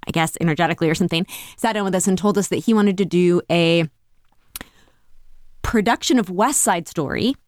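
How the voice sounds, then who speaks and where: A woman guest telling stories in a conversational way. She is animated and often restarts her sentences. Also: fairly quick, long pauses, no room sound, studio quality. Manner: animated, lifts her pitch for quoted voices; self-correcting, with frequent restarts. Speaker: podcast guest, business coach. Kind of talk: conversational storytelling.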